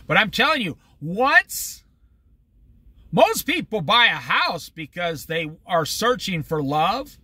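A man leading a Bible study in a high, very bright voice that swings widely in pitch. He preaches conversationally and with humor, often slipping into quick everyday voices. The sound is dry and close. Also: no room sound.

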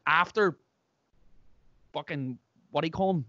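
A man's voice: mid-range voice, a little fast, dry recording. Irish guy on a podcast, chatty storyteller, dry dull-sounding mic. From Ireland. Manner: animated storyteller, acts out quotes. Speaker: podcast host. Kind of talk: casual chat.

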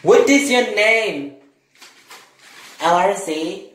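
A performer voicing a crude, foul-mouthed, bossy male teacher who barks slow commands in a one-person comedy skit. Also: mid-range voice, lively intonation, fairly bright tone, echoey room, a little hiss or hum, poor audio.

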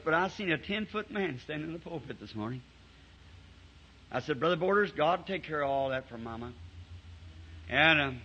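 A man preaching to a congregation, telling folksy stories with chuckles in a lively way, on a dull old tape recording. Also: on the high side. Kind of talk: storytelling sermon. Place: church before a congregation.

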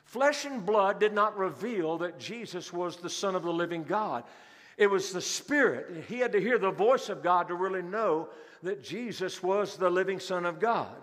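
A male pastor preaching in an animated, emphatic manner with a fairly high voice. His sermon rings through a large church, and the long reverb trails after each phrase. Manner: animated, emphatic, acts out scripture scenes. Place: church sanctuary.

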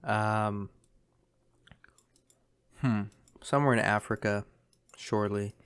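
A man's voice: lowish voice, steady tone, slow pace, fairly bright tone, clear, resonant tone. A man commentating a map guessing game, thinking aloud in a chatty way with lots of ums. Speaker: game streamer.

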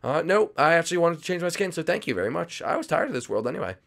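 A man's voice: on the high side, sing-song, rapid-fire, gravelly, fairly bright tone, pitched above the performer's own voice, full character voice. A man voicing a timid, whiny young male sidekick who pleads anxiously, for a game roleplay. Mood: pleading.

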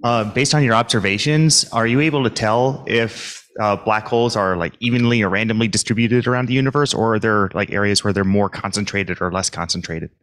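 A man asks a polite question from the back of a lecture hall, his voice fairly low, heard from a distance with some hesitation between phrases. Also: a little fast, hardly any pauses, fairly bright tone. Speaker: audience member asking a question. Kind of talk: question from the audience.

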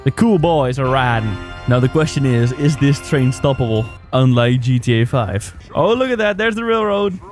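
A man giving casual let's-play commentary, excitable, laughing often and exclaiming at the game. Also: medium pitch, normal speed, few pauses, faint music behind. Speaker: gaming video host.

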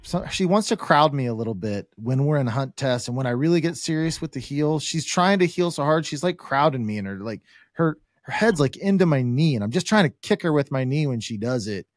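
A man's voice: mid-range voice, animated, fairly quick, no room sound, studio quality. A man co-hosting a podcast, asking casual questions about training his own dog. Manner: conversational, asks questions, agrees briefly. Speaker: co-host asking listener questions.

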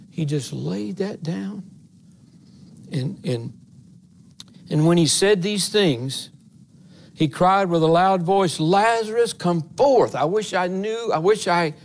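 A man's voice: a little high, creaky, slight background noise. A man, an assistant pastor giving a conversational sermon in a church, earnest and folksy, rising to emphatic passages. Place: church sanctuary.

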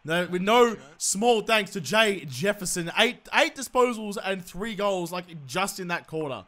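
Excitable young man cheering a game. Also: high voice, a little slow. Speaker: gaming commentator. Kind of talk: excited gameplay commentary.

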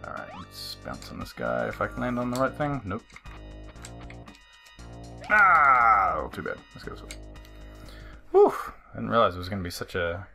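Excitable man doing lively game commentary. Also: on the low side, moderate pace, gravelly, long pauses. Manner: excitable, swears and laughs at the game. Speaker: let's play host. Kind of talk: casual gameplay commentary. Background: faint game music.

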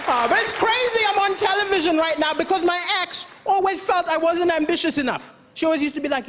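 A high-voiced man doing stand-up comedy on a big theatre stage. His delivery is punchy and self-deprecating. Loud audience noise and crowd sounds fill the room. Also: quick pace, few pauses. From Malawi.

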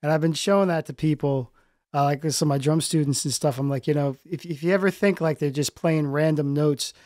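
Rambling man, higher voice, dry sound. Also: fairly even intonation, brisk, darkish tone, dry recording. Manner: rambling, lots of fillers and laughs. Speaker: podcast guest. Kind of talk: casual chat.

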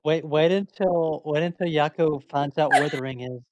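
A woman's voice: deep voice, moderate pace, a little mellow, dry recording. Woman player, mid voice, dry muffled lo-fi mic, teasing. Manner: easygoing, teasing. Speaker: tabletop game player. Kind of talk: casual game chat.

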